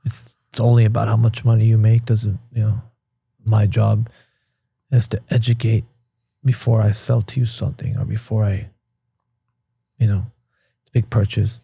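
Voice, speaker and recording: Casting: guest in his thirties, man from New York, gravelly and husky, dark tone, earnest and emotional. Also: on the low side, little pitch movement, normal speed, pauses often, no room sound. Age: 30s. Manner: earnest, emotional, repeats himself when moved. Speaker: podcast guest. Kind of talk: casual interview chat.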